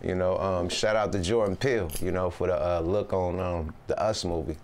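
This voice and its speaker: A man's voice: deep voice, fairly even intonation, moderate pace, darkish tone, a little hiss or hum. A man being interviewed as a rapper, talking in a loose, rambling way with Northern California slang and constant "you know what I mean". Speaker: rapper guest. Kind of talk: casual interview chat.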